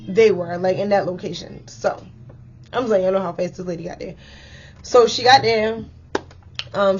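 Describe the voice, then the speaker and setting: A young woman casually telling a story to her viewers, animated and full of "like" and "y'all". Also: medium pitch, dull audio, a little hiss or hum. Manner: chatty, animated, addresses viewers as y'all with many likes.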